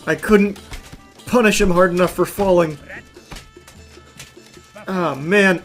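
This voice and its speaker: High-pitched, excitable gaming commentator man. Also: takes it slowly, long pauses, faint music behind. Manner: excitable, yelling, cursing and laughing in bursts. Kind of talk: live gameplay commentary.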